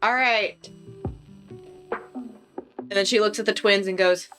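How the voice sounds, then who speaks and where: A woman's voice: mid-range voice, little pitch movement, quick pace, fairly bright tone, faint music behind. A woman narrating a tabletop game as game master, in a casual, filler-heavy way.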